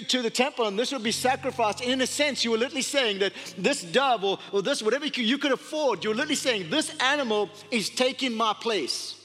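A man preaching a sermon, impassioned, dropping to hushed tones for scripture. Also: very high voice. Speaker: pastor. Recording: reverberant hall with faint music.

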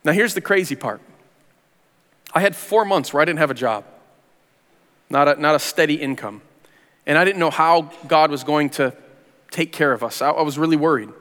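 A man's voice: on the high side, normal speed, long pauses, a bit bright. A man in his forties, a pastor, telling a personal testimony in an earnest, conversational way with casual slang, in a church sanctuary. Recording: long reverb of a large hall.

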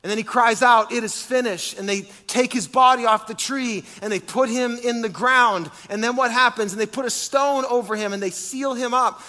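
A man preaching a sermon to a congregation, animated and full of rhetorical questions. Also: very high-pitched, moderate pace, hardly any pauses. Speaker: pastor. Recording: long hall reverb.

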